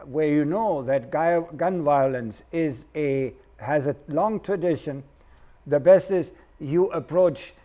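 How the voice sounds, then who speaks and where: A man talking as a guest on a discussion show, measured and hesitant, often repeating small words. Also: on the high side, dark tone.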